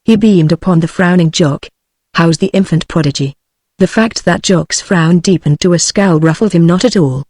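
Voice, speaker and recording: A text-to-speech voice reading a novel aloud in an even, mechanical manner with occasional odd mispronunciations. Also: medium pitch, normal speed, hardly any pauses. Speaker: audiobook narrator.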